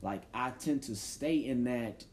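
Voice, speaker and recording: A man's voice: medium pitch, unhurried, a little hiss or hum. A man hosting a podcast in casual chat, playful and laughing often. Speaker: podcast host.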